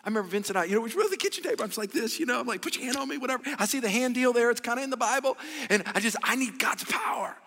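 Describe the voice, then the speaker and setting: Animated high-voiced male pastor preaching. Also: racing. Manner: animated, call-and-response with congregation. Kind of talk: sermon. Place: large church hall. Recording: echoey church hall.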